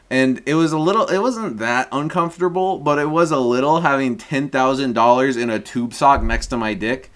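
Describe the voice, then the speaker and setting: A young man tells a long story in a loose, casual rant. He rambles and swears freely, with frequent chuckles. His voice sits in an ordinary middle pitch. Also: moderate pace, few pauses. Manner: rambling, profane, chuckles often. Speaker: streamer.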